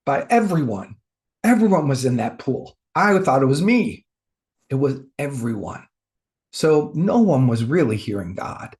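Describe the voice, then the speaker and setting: Speaking as a spiritual teacher, a man gives an emotional personal testimony about his faith, his voice swinging between loud outbursts and quiet, hushed moments.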